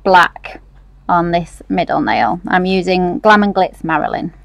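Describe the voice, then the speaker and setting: A woman's voice: fairly low pitch, lively intonation, unhurried, vocal fry, no room sound. A woman, casually explaining nail steps as she works on a livestream. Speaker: nail technician demonstrating a set.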